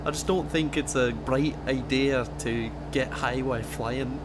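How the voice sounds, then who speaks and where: A man's voice: mid-range voice, fairly even intonation, a little slow, heavy background noise, lightly acted. A man voicing a cautious, polite man who worries in a proper-sounding way. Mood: worried.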